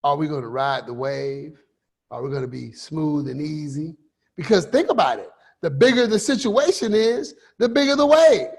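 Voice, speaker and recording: Man, high-pitched, husky, motivational coach, emphatic rhetorical questions. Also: lively intonation, moderate pace. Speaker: finance and life coach host. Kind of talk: motivational talk.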